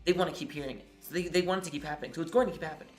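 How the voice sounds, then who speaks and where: A man's voice: a little high, racing. Brief: man from the US, podcast co-host, reasons things out in long run-on points, faint music underneath. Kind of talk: casual political podcast chat.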